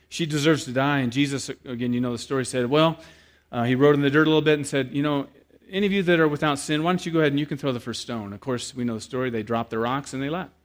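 A man preaching a sermon, telling a story with lively acted-out quotes and then speaking quietly and earnestly to the congregation. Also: medium pitch, fast. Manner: animated storyteller who acts out quoted voices, then turns quiet and earnest. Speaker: pastor.

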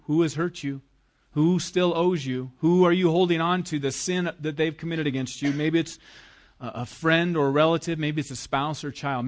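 A middle-aged man, a pastor, preaching a sermon emphatically and acting out the voices he quotes. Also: on the high side.

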